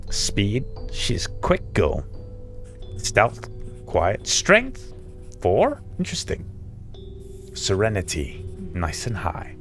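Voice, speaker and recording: Sarcastic deep-voiced gamer. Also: male voice, huge pitch swings, a bit bright. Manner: sarcastic, swearing, reads aloud haltingly. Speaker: let's play host. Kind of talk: gaming commentary. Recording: game music behind.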